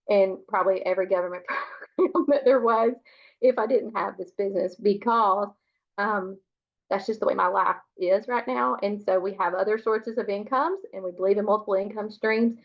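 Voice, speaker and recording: A woman's voice: medium pitch, normal speed. A woman with a fever speaking earnestly on a group call, sliding into a preaching tone. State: has a fever. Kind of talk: casual testimony on a video call. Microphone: video call. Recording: dull lo-fi call audio.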